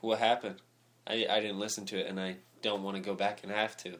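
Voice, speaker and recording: A man's voice: on the low side, flat delivery, fairly quick, fairly bright tone. A man as a podcast guest, sarcastic and contrary. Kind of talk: casual chat.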